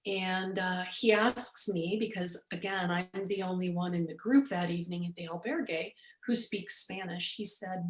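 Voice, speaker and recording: A woman in her forties, the guest, telling a personal story with lively storytelling and acted-out quotes. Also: fairly low pitch, moderate pace, few pauses, reverberant, rough recording. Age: 40s. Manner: animated storyteller, acts out quoted speech. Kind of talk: storytelling in an interview.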